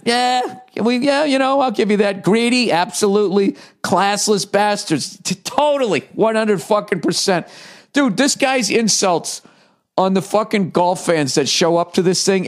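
A man hosting a podcast, delivering a profane, mocking comedic rant and laughing as he reads aloud. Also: fairly high pitch. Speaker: podcast host.

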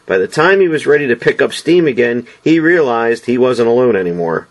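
A man narrating a novel as an audiobook with an expressive, dramatic delivery. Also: medium pitch, a little fast.

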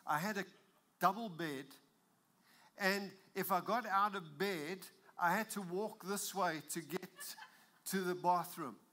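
A man preaching a sermon in a church, emphatic and building to loud exclamations. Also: sits high, takes it slowly.

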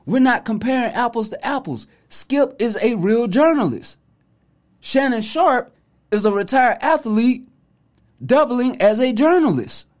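Animated opinionated male podcast host. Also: very high-pitched, a little slow. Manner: animated, preachy, mocking, colloquial slang. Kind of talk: opinionated commentary monologue.

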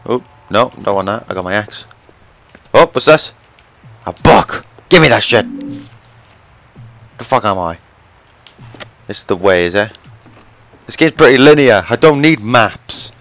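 A young man giving loud, profane let's play commentary, yelling and swearing at the game. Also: on the low side, lively intonation, a little slow, pauses often. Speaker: gameplay commentator.

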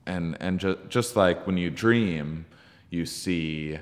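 A comedian being interviewed, telling a story in a halting, searching way with many ums and restarts. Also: male voice, low voice. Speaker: podcast guest, comedian. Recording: long reverb from the room.

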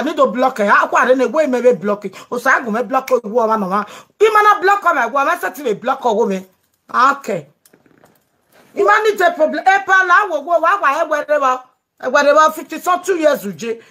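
A Nigerian woman hosts a live show, taking calls and chatting in Pidgin, emphatic and pleading. Her voice is high, expressive, brisk, pushed and bright.

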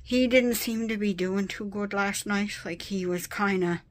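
Woman, tired, chatty, rambling, casual home vlog, mid-pitched voice. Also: measured pace. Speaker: vlogger. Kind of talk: casual chat. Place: at her desk at home.

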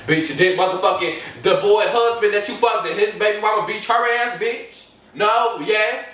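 A man's voice: high-pitched, normal speed, a bit bright, distant mic. A man giving blunt, profane, exasperated reaction commentary in a vlog. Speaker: commentary vlogger. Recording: echoey room, voice off-mic.

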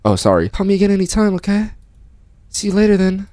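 A man reading out a young male game character's dialogue in a low, flat, deadpan voice. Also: quick pace, no echo.

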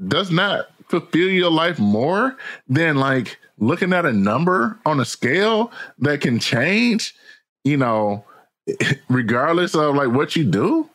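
An American man, a podcast guest and author, telling stories in a casual, slangy, animated way and laughing often. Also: a little high, a little slow. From United States. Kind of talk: casual interview chat.

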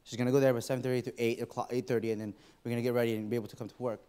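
A man's voice: mid-range voice, little pitch movement, racing, dark tone, smooth. A man preaching a sermon in a church, telling a personal story and acting out his own inner voice. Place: church auditorium.

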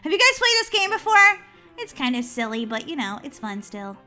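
A woman hosting a gaming channel, chatting excitedly through a video game and squealing when she is chased. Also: sits high, a little fast, soft background music. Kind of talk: playing a video game with commentary.

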